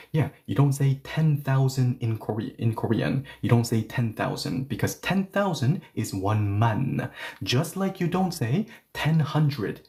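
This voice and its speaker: A man teaching a language lesson, explaining step by step with frequent okays and yeahs and reading example sentences slowly for learners. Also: mid-range voice, a little mellow.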